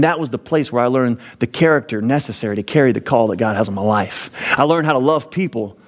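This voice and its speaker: Casting: man, 30s, mid-pitched preacher sharing a heartfelt personal testimony, rising emphatic delivery. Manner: earnest storytelling, pitch rising sharply when emphatic. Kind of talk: sermon testimony.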